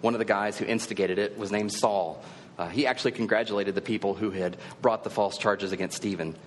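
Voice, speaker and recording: A man's voice: fairly low pitch, steady tone, a little fast, long reverb tail, slight background noise. A male preacher giving a sermon in a conversational, earnest storytelling manner.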